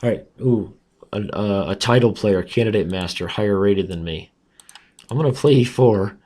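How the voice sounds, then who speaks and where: A man with a raspy voice giving chatty, self-mocking commentary on his own chess games as he plays. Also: lowish voice, normal speed, dark tone. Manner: chatty, self-mocking, talks through moves aloud. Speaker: chess streamer. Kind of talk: casual commentary while playing online.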